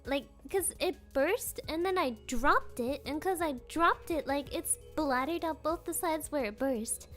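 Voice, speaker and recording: A young woman with a very high voice chats with her stream audience in an unhurried way. Her stories ramble and are full of fillers and giggles. Faint music plays behind her. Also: fairly bright tone. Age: young adult. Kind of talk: casual chat with viewers.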